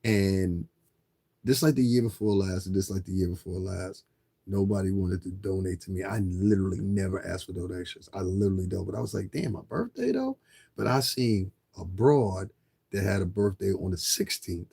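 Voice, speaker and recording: A man's voice: deep voice, steady tone, normal speed, gravelly, warm tone, husky. A man livestreaming a casual, rambling, profane rant to viewers, often repeating himself. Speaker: livestreamer asking viewers for donations.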